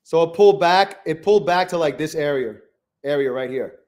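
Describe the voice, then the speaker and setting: A man streaming his futures trades live from his garage, thinking aloud and swearing often, swinging from flat muttering to loud gloating. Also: a little high, brisk. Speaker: trading livestreamer. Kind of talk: live trading stream commentary. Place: home garage.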